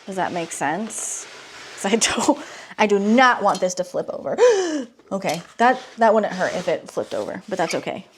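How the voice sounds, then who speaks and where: A woman talking casually to her viewers in a vlog, excitable and gushing, with nervous exclamations. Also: mid-range voice, normal speed, slight background noise. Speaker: vlogger. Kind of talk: casual unboxing vlog talk.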